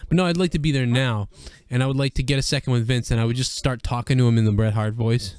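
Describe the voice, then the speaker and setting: A man hosting a casual, profane wrestling chat, talking excitedly and laughing often. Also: medium pitch, fast talker, clear, resonant tone, dry recording. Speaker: podcast host.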